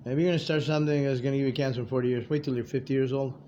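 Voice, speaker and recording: A man's voice: mid-range voice, fairly even intonation, rapid-fire, mellow. A man in his fifties giving a rambling, profane, streetwise monologue to his viewers. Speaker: vlogger addressing viewers. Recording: dull lo-fi audio with faint background noise.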